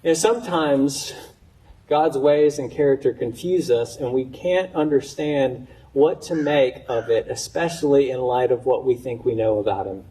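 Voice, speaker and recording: A man preaching a sermon as pastor in a conversational way, with stammered restarts and questions voiced with rising pitch. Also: moderate pace, dark tone, far from the mic, low-quality recording. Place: church sanctuary.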